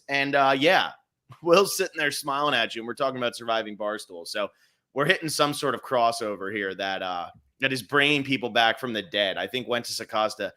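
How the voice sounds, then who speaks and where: Bright-voiced animated male podcast host. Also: medium pitch. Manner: animated, laughs often. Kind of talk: casual recap chat. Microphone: video call.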